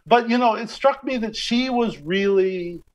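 A man's voice: high voice, measured pace. A man, a guest on an interview show, speaking thoughtfully, hedging often and restarting his sentences. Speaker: guest media critic. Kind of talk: conversational interview.

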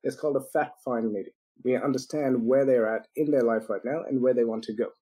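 Lively storytelling man, dark husky voice. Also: medium pitch, a little fast, rough recording. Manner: animated storyteller acting out quotes; laughs often. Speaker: business consultant guest. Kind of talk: podcast interview storytelling.

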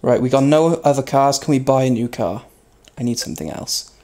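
A man commenting on his own racing gameplay, joking at his own expense and yelping loudly when he crashes. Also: brisk. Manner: self-mocking, yelps high when crashing. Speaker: gaming YouTuber. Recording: loud background noise.

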